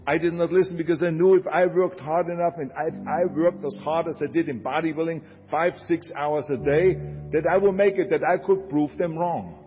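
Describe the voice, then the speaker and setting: A man's voice: fairly high pitch, fairly even intonation, moderate pace. Emphatic older man, Austrian accent. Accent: Austrian German. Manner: emphatic, repeats lines for effect. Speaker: motivational speaker. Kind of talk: motivational speech. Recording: dull lo-fi speech over music. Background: music bed.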